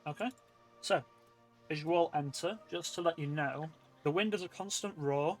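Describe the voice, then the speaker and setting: A man running a tabletop role-playing game, narrating scenes in a relaxed way with frequent fillers. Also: fairly high pitch, moderate pace, faint music behind. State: hiccuping. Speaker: game master.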